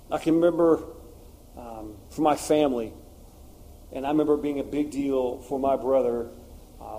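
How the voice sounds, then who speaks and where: A man's voice: medium pitch, mellow. A man preaching a sermon, telling personal stories in an earnest, confessional way with frequent fillers.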